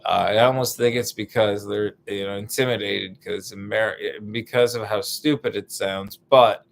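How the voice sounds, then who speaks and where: A man's voice: on the low side, steady tone, moderate pace, creaky, a little hiss or hum. Rambling, profane young man doing stand-up. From United States. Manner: meandering, profane, lots of fillers, sudden shouted bits. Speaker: stand-up comedian.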